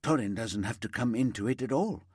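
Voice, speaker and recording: A man's voice: mid-range voice, expressive, brisk, a little mellow, slightly rough, no room sound, studio quality. A man voicing a blunt, tech-savvy young female detective constable in a crime audiobook. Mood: scheming.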